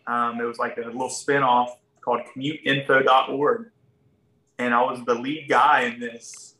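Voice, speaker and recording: This is a man, a guest swapping stories on a podcast. His voice is bright and forward. He talks in a folksy, animated way and slips into the voices of the people he describes. The room gives a noticeable echo. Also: mid-range voice, moderate pace, recorded from a distance. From Ohio, USA. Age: 30s. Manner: folksy, animated, acts out other people's lines. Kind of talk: casual storytelling.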